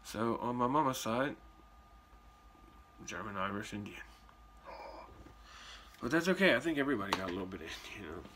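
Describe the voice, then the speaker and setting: A man in his forties talking casually in a response video, animated and chatty with drawn-out emphasis. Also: fairly low pitch, a little hiss or hum. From Puerto Rican heritage. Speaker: vlogger. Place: indoors at home.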